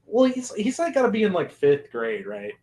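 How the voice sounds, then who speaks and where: A man riffing through a movie watch-along in a loose, rambling way, laughing often between thoughts. His voice sits a little above the usual pitch for a man. He sounds easygoing and chatty. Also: wildly swooping pitch, normal speed, a little mellow. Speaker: podcast host. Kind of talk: casual movie commentary.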